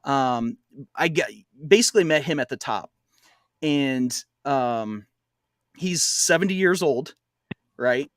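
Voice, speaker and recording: A man's voice: mid-range voice, animated, slow pace, pauses often, clear, resonant tone, dry recording. A man co-hosting a podcast, telling a long trail story in casual chat, rambling with fillers and laughing often. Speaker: podcast co-host.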